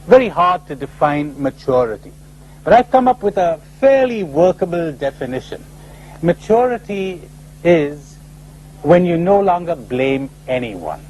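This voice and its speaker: A man giving a lively spiritual conference talk, full of rhetorical questions and acted-out voices, on an old tape recording. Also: a little high, measured pace, a little hiss or hum, poor audio. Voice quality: animated, rhetorical, acting out imagined voices. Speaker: speaker at a spiritual retreat conference.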